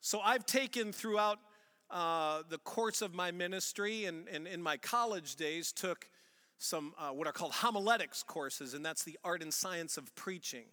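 A man's voice: high voice, moderate pace, sharp tone, long reverb tail. A male pastor from Missouri with a St. Louis accent, preaching in a conversational, storytelling way with restarts. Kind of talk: sermon.

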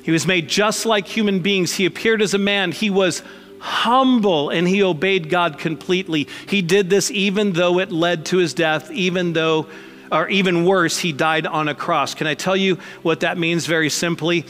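A man's voice: high-pitched, fairly even intonation, moderate pace, a bit bright, in a large hall, soft background music. A man preaching a sermon as pastor, conversational and emphatic, mixing blunt jokes into his points.

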